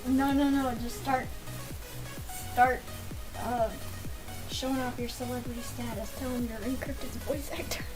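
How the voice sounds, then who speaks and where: A woman's voice: on the high side, little pitch movement, moderate pace, long pauses, poor audio. A woman streamer chatting casually and playfully teasing her guest while she draws. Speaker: streamer and artist. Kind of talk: casual chat on a drawing stream. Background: background stream music.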